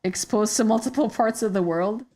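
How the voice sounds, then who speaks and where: A woman's voice: medium pitch, normal speed, warm tone. A woman streamer chatting casually while she draws, rambling with many fillers and hesitations. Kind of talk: casual chat while drawing.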